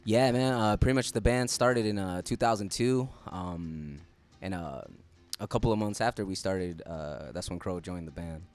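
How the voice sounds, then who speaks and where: A man, a band's singer and bassist, talking in a laid-back casual way in a podcast interview. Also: normal speed, hardly any pauses, darkish tone. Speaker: band singer and bassist guest.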